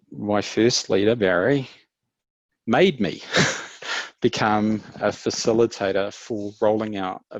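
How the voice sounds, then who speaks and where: A man's voice: fairly low pitch, creaky, no room sound, muffled recording. A man with a New Zealand accent gives a casual, chatty presentation to a meetup over a video call, with plenty of fillers and restarts. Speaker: meetup speaker.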